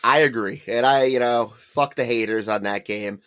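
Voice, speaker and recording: A man co-hosting a casual podcast, relaxed and agreeable, and cursing now and then. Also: medium pitch, moderate pace, smooth. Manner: laid-back, agreeable, profane. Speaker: podcast co-host.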